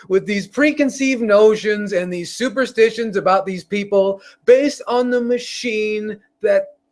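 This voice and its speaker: Brief: male show host, higher-pitched voice, loose profane rambling rant delivery. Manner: profane, rambling, with frequent restarts. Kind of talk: casual rant on a live stream.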